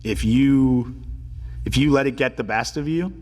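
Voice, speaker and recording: A man in his twenties, a pro hockey player telling stories as a podcast guest in a relaxed, filler-heavy way and swearing casually. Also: medium pitch, a little slow, big-room sound. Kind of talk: casual storytelling interview.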